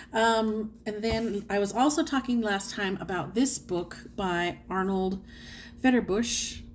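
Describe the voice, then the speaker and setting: A woman's voice: medium pitch, a little mellow, slight background noise. A woman from the United States chatting casually about her reading as a book vlogger, correcting herself often and laughing easily. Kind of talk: casual chat.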